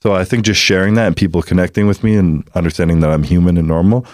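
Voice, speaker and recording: A man's voice: low-pitched, steady tone, fast talker, a little mellow, no room sound, studio quality. A young Canadian man with a lisp, a podcast guest talking candidly with lots of fillers and swearing. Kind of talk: casual podcast conversation. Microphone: headphones on, studio mic.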